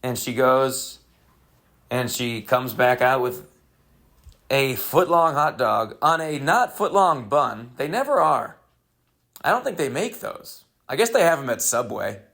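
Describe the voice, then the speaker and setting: A man hosting a comedy podcast, telling a rambling, deadpan story with crude jokes in a casual monologue. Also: mid-range voice, unhurried, gravelly.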